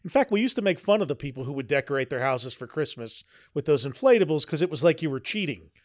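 A man's voice: on the high side, lively intonation, fast, darkish tone, no echo, studio quality. A man co-hosting a podcast in casual chat, rambling with frequent restarts. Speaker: podcast co-host.

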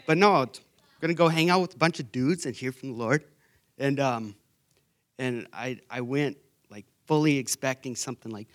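A young man sharing a church testimony. He is an animated, self-mocking storyteller who uses many filler words. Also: medium pitch, normal speed. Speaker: retreat participant sharing testimony.

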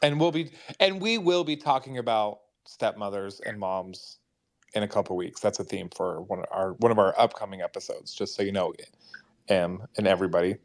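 A man's voice: fairly low pitch, normal speed. A man co-hosting a casual podcast, a writer who jokes, uses sarcasm and laughs often. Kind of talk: casual discussion.

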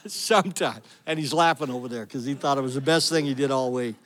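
With a mid-range voice and a brisk pace, a middle-aged man pastors his congregation through a sermon. He tells stories energetically and calls out to the people listening.

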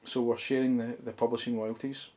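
Scottish male musician guest, home studio, mid pitch, meandering delivery full of fillers. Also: level tone, brisk, warm tone. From Scotland. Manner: thoughtful, rambling with many fillers. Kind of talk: casual interview chat.

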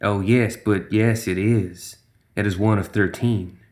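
A man's voice: lowish voice, steady tone, a little slow, darkish tone, natural voice. Hissing creature-woman, as a man puts her on. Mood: sinister. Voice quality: hissing, sly repetitions. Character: sinister hissing female creature, greedy gambler.

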